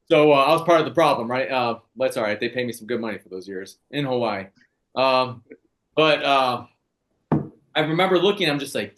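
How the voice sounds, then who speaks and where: A man's voice: medium pitch, expressive, a little fast, fairly bright tone. A man in his forties, a podcast co-host, telling stories in blunt, profane casual chat. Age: 40s.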